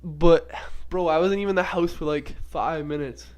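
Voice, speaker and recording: A man's voice: a little high, fairly quick. Rambling, profane young man. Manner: rambling and profane, heavy use of filler words. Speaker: podcast host. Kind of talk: casual unscripted monologue.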